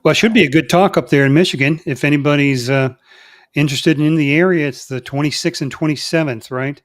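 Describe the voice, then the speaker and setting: A man co-hosting a live talk show. He keeps things moving briskly and reads out viewer requests. His voice sits a little high for a man. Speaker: co-host.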